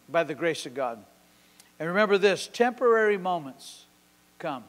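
A man in his sixties preaching a sermon at a church service. He tells a story with passion, swinging from sudden loud peaks to quiet drops. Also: sits high, big pitch swings, moderate pace. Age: 60s. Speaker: pastor. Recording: long hall reverb.

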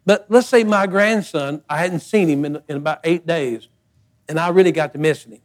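An older male pastor preaching in a folksy, emphatic way. His voice sits high for a man, and he drives his points home by repeating phrases. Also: normal speed. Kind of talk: sermon.

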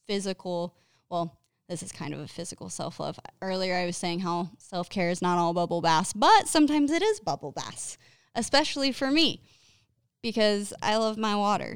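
A woman's voice: lowish voice, smooth, no echo, clean studio sound. A woman giving casual self-care advice, candid and chatty, swearing freely and laughing at herself.

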